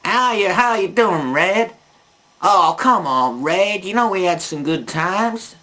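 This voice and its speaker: A man's voice: high-pitched, animated, slow, sharp tone, pitched above the performer's own voice, full character voice. A man putting on a flirty cowboy robot. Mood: coaxing. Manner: teasing, coaxing. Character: flirty male robot fire truck with a cowboy drawl.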